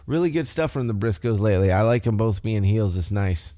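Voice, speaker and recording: A man's voice: fairly low pitch, expressive, brisk, mellow, no echo, studio quality. A man hosting a podcast, recapping a show in a rambling, conversational way. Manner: rambling, conversational, loose storytelling. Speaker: podcast host. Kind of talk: casual wrestling recap.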